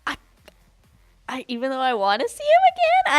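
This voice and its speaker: Excitable young woman co-commentator, lively pitch. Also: dry recording, faint music behind. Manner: excitable and giggly, quick reactions. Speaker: esports co-commentator. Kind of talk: live color commentary.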